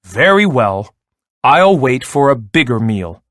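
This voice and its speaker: A man's voice: mid-range voice, big pitch swings, unhurried, a bit bright, dry recording, clean studio sound. A man voicing a mean, hungry troll who roars threats from under a bridge in a storybook read-aloud. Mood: grudging. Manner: roaring, threatening.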